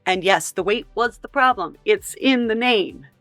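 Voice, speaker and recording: A woman's voice: medium pitch, moderate pace, a bit bright, dry recording, faint music behind. A woman hosting a reaction video, talking in an exasperated, incredulous and emphatic way. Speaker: commentary host. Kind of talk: reaction commentary.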